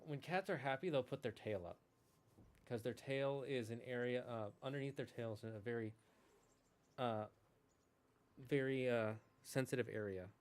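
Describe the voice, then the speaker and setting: A man streaming a game, chatting in a casual, rambling way and talking affectionately to his cat. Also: mid-range voice. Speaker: gaming streamer. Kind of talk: casual chat.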